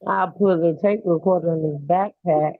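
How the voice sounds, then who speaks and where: A woman's voice: on the low side, fairly even intonation, normal speed, dry recording. A mother in casual chat, talking in an emphatic, conversational way. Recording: dry, phone-like sound.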